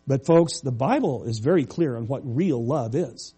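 A man's voice: mid-range voice, expressive, moderate pace, mellow, husky, faint music behind. A middle-aged male pastor preaching a conversational sermon, reading scripture aloud and explaining it plainly.

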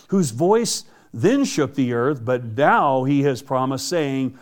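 Male preacher, fairly high voice, conversational Bible teaching. brief: delivering a sermon. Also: a little mellow. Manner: conversational, repeats words.

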